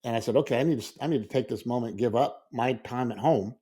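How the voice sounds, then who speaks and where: A husky, dark-toned voice of medium pitch belongs to a middle-aged man co-hosting a casual podcast. He moves at a quick pace through a rambling story, repeating words and acting out quoted dialogue.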